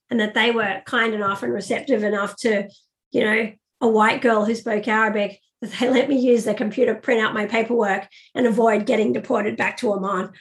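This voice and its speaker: A middle-aged woman, an interview guest, telling a lively personal story with fillers. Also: medium pitch. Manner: animated anecdotal storytelling with fillers. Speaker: guest, business strategist.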